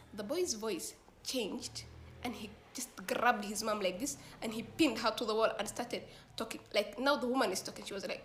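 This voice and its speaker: A woman's voice: fairly high pitch, normal speed, slight background noise. A woman telling a story in a casual, slangy way, acting out the dialogue as she goes. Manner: slangy, animated retelling with quoted dialogue.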